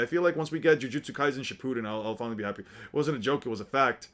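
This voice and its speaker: A man's voice: medium pitch, very fast, hardly any pauses, fairly bright tone. Young man, casual reaction stream, slangy and profane, jokey banter, reads chat aloud. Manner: joking, slangy, swears freely. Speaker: streamer reading manga with chat.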